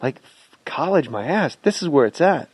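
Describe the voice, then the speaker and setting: A man from New Jersey hosting a podcast, chatting casually and throwing in quick jokes. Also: on the high side, lively intonation, darkish tone, slightly rough, no echo. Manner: quick, joking interjections. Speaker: podcast host. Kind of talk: casual chat.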